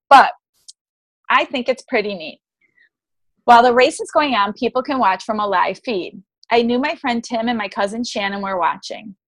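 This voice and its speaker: A woman's voice: on the high side, a bit bright, no echo, poor audio. A woman co-hosting a podcast, reading her own blog post aloud, giggly and easily moved. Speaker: podcast co-host.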